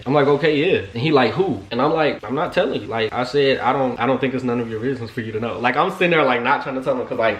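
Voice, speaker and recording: A man's voice: medium pitch, roomy sound. Young man telling a juicy story. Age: 20s. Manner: animated storytelling, acts out both sides, slangy, drops to a hush for asides. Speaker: vlogger. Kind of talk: storytime vlog.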